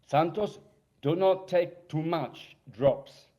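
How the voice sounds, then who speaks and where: A man voicing his Israeli friend as a scolding, excitable man with an Israeli accent. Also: a little high, slow pace, muffled recording. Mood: warning. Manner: scolding, bursts into shouting.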